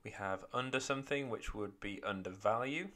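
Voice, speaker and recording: A male teacher explaining grammar test answers one by one. His voice sits a little low but has a bright, forceful edge, and his manner is clear and methodical. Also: moderate pace. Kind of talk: exam walkthrough lesson.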